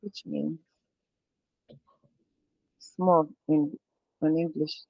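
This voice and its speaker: A teacher from Nigeria giving an online language lesson over a video call, patiently repeating each word slowly. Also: mid-range voice, flat delivery, vocal fry, dark tone, no room sound, lo-fi sound.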